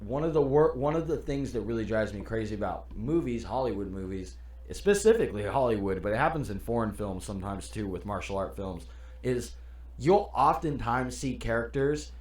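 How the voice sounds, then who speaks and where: A man's voice: on the low side, brisk. A man co-hosting a podcast, chatting casually and telling stories with lots of laughter. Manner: animated storyteller, laughs while quoting. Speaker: podcast co-host. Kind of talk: casual chat. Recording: roomy echo.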